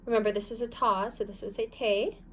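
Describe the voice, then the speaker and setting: A woman's voice: on the high side, fairly even intonation, brisk, slight background noise. Patient woman teaching a phonics lesson. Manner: patient, step-by-step instructing. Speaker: language teacher.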